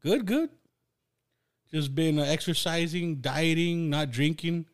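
A man's voice: on the high side, takes it slowly. A man hosting a podcast, chatting casually, teasing his guest and swearing often. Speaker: podcast host. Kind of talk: casual chat.

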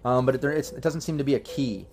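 A man runs a tabletop game as game master, describing what the players hear and see. He talks in a loose, rambling way, often restarting sentences and filling gaps with "um" and "like." His voice sits at an ordinary middle pitch, with a faint noisy hiss behind it. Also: fast talker, darkish tone. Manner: rambling, full of fillers and restarts.

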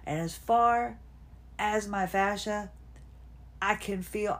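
A woman's voice: medium pitch, steady tone, slow, creaky. A woman in her fifties hosts a casual personal monologue from home. She rambles from one thought to the next and sometimes talks to herself. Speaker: podcast host. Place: at home, seated.

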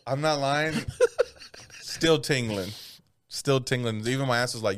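A man's voice: medium pitch, a little slow, dry recording. A man in casual chat with friends, telling crude stories with lots of swearing and laughter. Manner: crude, profane, laughing storyteller; lively, animated delivery.

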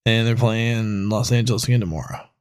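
A man's voice: on the low side, steady tone, brisk, clean tone. A man, a podcast guest in laid-back casual chat.

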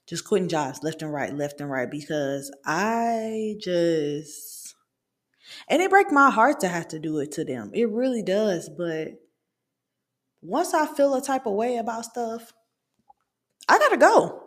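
A woman's voice: fairly low pitch, big pitch swings, measured pace. A young woman in her twenties hosting a podcast, venting candidly in casual conversational talk with lots of fillers. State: hiccups. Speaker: podcast host. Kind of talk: casual chat.

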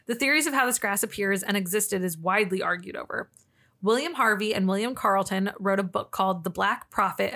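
A woman's voice: mid-range voice, a bit bright. A woman co-hosting a podcast, telling cryptid stories in casual chat, laughing often and restarting her sentences. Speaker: podcast co-host.

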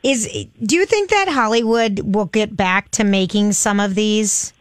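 A woman's voice: mid-range voice, measured pace, no room sound. A woman co-hosts an interview and asks the guest casual questions. Her voice sounds close and dry. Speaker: co-host. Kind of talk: interview chat.

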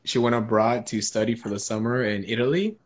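A man's voice: medium pitch, brisk. A young man co-hosting a podcast, swearing and laughing his way through loose banter. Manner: loose, profane, laughing, puts on silly voices. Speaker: podcast co-host.

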